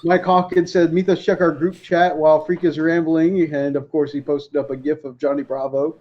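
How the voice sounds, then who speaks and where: A man co-hosting a live stream, reading viewer comments in a relaxed, easygoing way. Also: on the high side, normal speed, lo-fi sound. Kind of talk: casual chat on a live stream.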